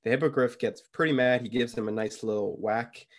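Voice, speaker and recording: A young man co-hosting a podcast, casually retelling a book chapter with lots of fillers and quick quoted lines. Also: mid-range voice. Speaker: podcast co-host.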